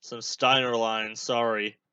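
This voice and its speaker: A man's voice: medium pitch, little pitch movement, slow, pushed and bright, clean tone, no room sound, dull audio. A young man hosting a podcast, rambling casually through a watch-along with lots of filler words. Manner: rambling, many fillers, chatty asides. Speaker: podcast host.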